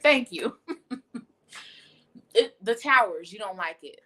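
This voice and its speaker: A woman's voice: fairly high pitch, pushed and bright. A young woman giving a casual tarot reading on a livestream, blunt and profane as she talks. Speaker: tarot reader. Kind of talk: casual spiritual livestream talk.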